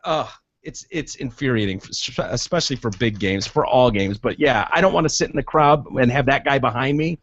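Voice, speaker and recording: A man hosting a podcast, telling stories in a casual, profane, animated way. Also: mid-range voice, brisk, dull audio. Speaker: podcast host. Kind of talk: casual chat.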